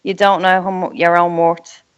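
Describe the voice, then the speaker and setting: A woman with an Irish accent and a rough-edged voice, chatting casually and reassuringly, repeating her points. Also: lowish voice, level tone, normal speed, dull audio. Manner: warm, reassuring, repeats herself. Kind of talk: casual chat.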